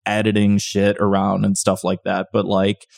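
A man's voice: on the low side, completely flat delivery, normal speed, creaky, darkish tone, dry recording, clean studio sound. A man hosting a podcast, chatting casually in a loose, profane way with many filler words. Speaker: podcast host.

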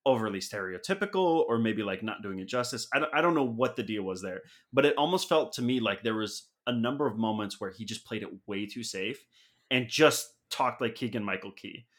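A man's voice: on the low side, lively intonation, fairly quick, a bit bright. A man co-hosting a podcast, making opinionated points in casual movie chat and leaning on "like" as he builds them. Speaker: podcast co-host.

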